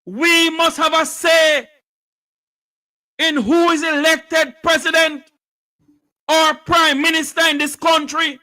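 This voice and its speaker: A Jamaican man giving an impassioned political speech, fiery and declamatory, often shouting. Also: very high voice, rough recording.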